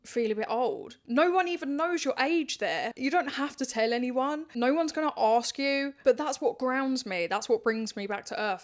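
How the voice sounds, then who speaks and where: Chatty woman in her thirties, higher voice. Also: lively intonation, moderate pace, hardly any pauses. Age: 30s. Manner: candid and chatty, laughs often, slangy. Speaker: podcast host. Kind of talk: casual monologue to listeners.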